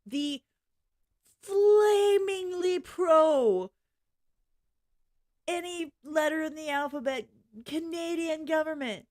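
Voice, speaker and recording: Blunt and excitable, a middle-aged woman with a high-pitched voice runs a live-stream reaction, frequently breaking into laughter.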